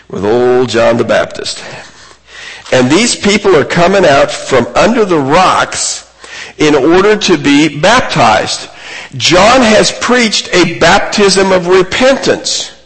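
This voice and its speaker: A man's voice: on the high side, a bit bright, husky. A man preaching a sermon in an earnest, emphatic way, lifting his voice on key points. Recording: long reverb of a large hall.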